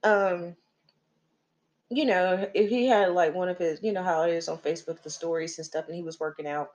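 A woman's voice: lowish voice, steady tone, moderate pace, darkish tone, highs cut off. A middle-aged woman hosting a podcast, telling a story in a chatty, profane way with laughing asides. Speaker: podcast host. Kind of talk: casual storytelling chat.

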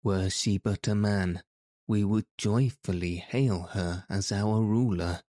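A man voicing a calm, patient old gardener who explains things to visitors in a storybook reading. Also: lowish voice, takes it slowly, no echo, clean studio sound. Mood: explaining.

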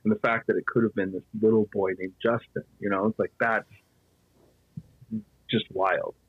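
A man's voice: fairly low pitch, flat delivery, normal speed, husky, no room sound, lo-fi sound. A man casually telling a ghost story as a podcast guest, with lots of "you know" fillers.

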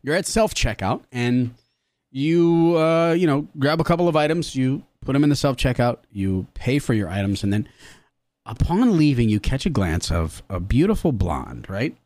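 A man chatting on a comedy podcast, his pitch bouncing all over as he jokes. His delivery is crude and playful. The sound is dry and close. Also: normal speed, no room sound. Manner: animated, crude, jokey storytelling. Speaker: podcast co-host. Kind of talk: casual comedic chat.

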